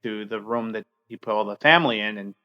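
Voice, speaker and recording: A man's voice: lowish voice, highs cut off. Earnest man telling a personal story. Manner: halting, heavy use of fillers; earnest, open. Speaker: podcast host.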